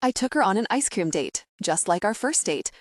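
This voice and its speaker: In an audiobook, a woman lightly acts the part of a proud, guarded husband in his thirties who gives terse answers, pitching her medium voice above her natural range. Her delivery is animated and at normal speed, captured as a dry, clean studio recording.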